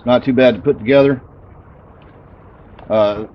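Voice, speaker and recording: A man's voice: medium pitch, a little slow, pauses often, muffled recording, noisy background. A man hosting a casual outdoor cooking vlog, tasting and chatting while he eats. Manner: relaxed, eating while talking. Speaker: channel host.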